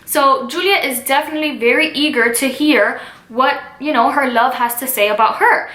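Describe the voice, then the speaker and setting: A young woman teacher talks through a play in a chatty, casual way, leaning on "kind of" and "like". Her voice sits high and sounds bright. The room around her gives an echoey ring. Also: normal speed. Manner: chatty, with fillers such as "kind of" and "like". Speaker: literature teacher. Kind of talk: casual classroom explanation.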